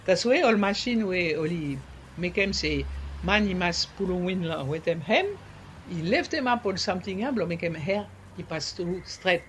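A man, explaining things in an interview in a halting way, repeating words and slipping into French. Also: high-pitched, lively intonation, fairly bright tone, a little hiss or hum. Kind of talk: conversational explaining.

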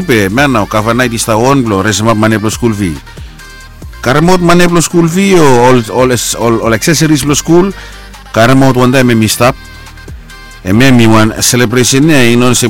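A man's voice: moderate pace, soft background music. Rambling male radio host. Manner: rambling, animated, pitch jumps up on quoted lines. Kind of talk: casual radio talk with listener shout-outs.

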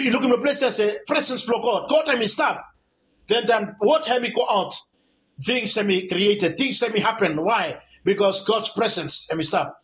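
High-voiced preacher. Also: male voice, a bit bright, a little hiss or hum. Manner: repetitive, exhorting, with sudden emphatic rises. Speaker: preacher on Christian radio. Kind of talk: radio sermon.

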